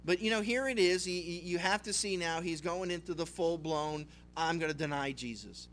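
A man's voice: high-pitched, fairly even intonation, normal speed, a bit bright, a little hiss or hum. A male pastor giving a conversational sermon, retelling scripture with acted voices. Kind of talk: expository sermon.

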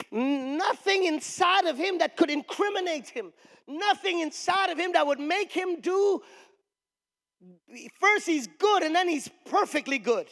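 A male pastor preaching a sermon emphatically, with shouted peaks and call-and-response with the congregation. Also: very high voice. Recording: long reverb of a large hall.

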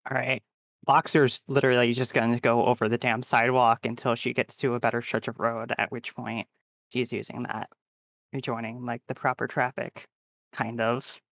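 A man's voice: medium pitch, little pitch movement, normal speed, a bit bright, dry recording. A man playing a tabletop game, describing his character's moves in a rambling, offhand way. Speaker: player. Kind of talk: casual chat, tabletop game.

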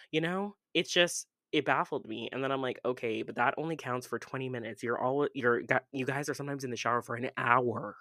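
A young woman hosting a casual podcast from home, chatting in a playful, rambling way with sudden loud jumps in pitch. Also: brisk, few pauses, dry recording, studio quality. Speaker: podcast host. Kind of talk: casual solo podcast chat.

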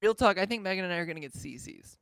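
A man's voice: high-pitched, expressive, very fast, creaky, fairly bright tone, smooth. A man co-hosting a podcast in casual chat, hyped up, blunt and swearing freely. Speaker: podcast co-host.

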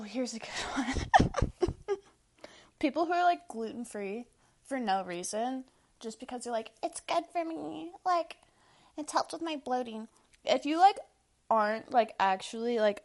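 A young woman talks through her opinions in a loose, unscripted monologue. Her voice sits a little high, and she is blunt and quick to swear. Nearly every phrase is padded with "like". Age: young adult. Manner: blunt, profane, filler-heavy with constant "like". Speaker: podcast host. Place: Washington State.

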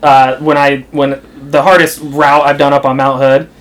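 A man's voice: medium pitch, little pitch movement, normal speed, a bit bright. A young American man telling a story in casual chat, rambling with lots of fillers and laughing as he goes. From United States. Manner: rambling, filler-heavy, laughs through stories.

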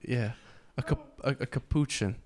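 A man's voice: medium pitch, huge pitch swings, normal speed, crowd noise. A young man as a podcast guest, chatting casually at home in a playful, goofy way and swearing freely. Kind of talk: casual chat. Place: home kitchen.

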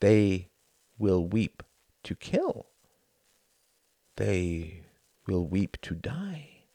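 A man's voice: low voice, sing-song, extremely slow, mellow, no echo, full character voice. A man reading an audiobook, voicing a scornful, theatrical Englishman who drifts between brooding and sardonic outbursts.

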